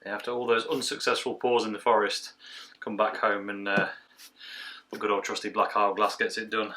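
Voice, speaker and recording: A man giving a casual beer review from home, chatty and relaxed, with plenty of filler sounds. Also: lowish voice, normal speed. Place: at home, indoors.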